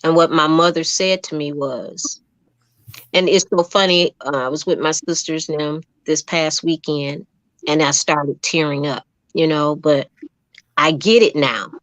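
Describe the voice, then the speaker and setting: A woman's voice: deep voice, unhurried, no room sound. A middle-aged woman, a guest in an interview, telling her story in a heartfelt, emphatic way and acting out the voices of the people in it. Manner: animated storyteller who acts out quoted dialogue.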